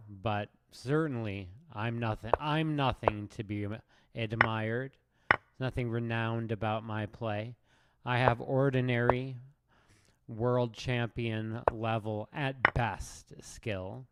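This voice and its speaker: Slow-talking man streaming chess, noisy background. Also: medium pitch. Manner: wry, rambling, self-mocking. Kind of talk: casual live game commentary. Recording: loud background noise.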